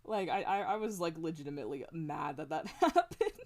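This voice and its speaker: A woman's voice: sits low, very animated, brisk. A woman streamer chatting casually and rambling, swearing a lot and laughing often, on a close desk mic at home. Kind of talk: casual stream chat while drawing.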